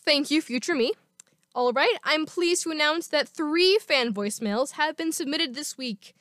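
A woman's voice: high voice, normal speed, a bit bright. A woman hosting a podcast, chatty and enthusiastic as she reads out listener voicemails and answers them. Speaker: podcast host. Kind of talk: casual solo podcast talk.

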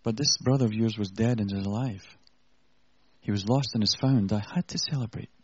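Man delivering a sermon, earnest and conversational with wry asides, slightly husky; dull, muffled recording. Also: fairly low pitch, a little fast, a little mellow, dry recording. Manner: earnest, conversational preaching with self-deprecating asides. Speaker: preacher.

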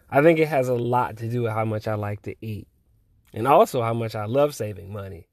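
A man in his twenties hosts a solo podcast, chatting casually with plenty of swearing, laughter, and rambling. His medium-pitched, slightly mellow voice runs a little fast, recorded with clean studio quality and no room sound.

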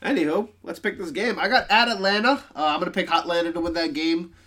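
Bright-voiced man on a casual sports podcast. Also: sits high, fast. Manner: animated, groaning and exasperated about his team. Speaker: podcast co-host.

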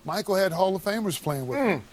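Emphatic higher-voiced man making a case. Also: lively intonation, brisk. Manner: emphatic, admiring. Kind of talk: sports commentary.

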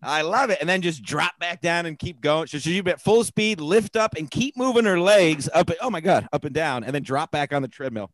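A man's voice: on the high side, fairly quick, hardly any pauses, no room sound. Rambling male podcast guest, dry sound. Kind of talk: casual podcast banter.

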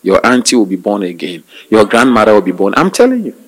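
A male pastor preaching a sermon, calling out hallelujahs and amens, with hesitant restarts and slow, drawn-out emphasis. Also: fairly low pitch, sing-song, a bit bright, low-quality recording. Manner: call-and-response preaching with frequent hallelujahs.

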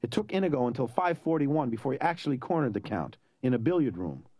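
A man narrating a story in an expressive, dramatic way. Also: mid-range voice, fast talker, husky, dry recording. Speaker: audiobook narrator.

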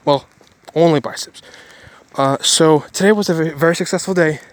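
Man, casual daily vlogger, earnest and rambling, voice a bit high. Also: normal speed. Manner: rambling, self-correcting, earnest. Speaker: Christian vlogger.

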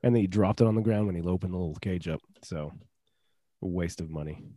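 A man's voice: sits low, fast, dry recording, studio quality. A man hosting a podcast who jokes and teases his co-hosts in a casual chat. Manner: joking, teasing, animated.

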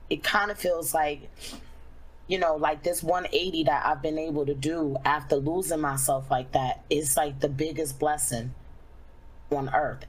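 Speaking in a deep, slightly rough voice, a young adult woman streamer tells a personal story openly and casually. She leans on fillers and eases her pace when reflecting, and the recording sounds rough.

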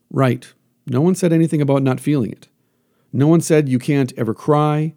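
A man hosting a solo talk, coaching the listener earnestly and putting questions to himself out loud. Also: fairly high pitch, fairly even intonation, moderate pace. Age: adult, teaches classes. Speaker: podcast host.

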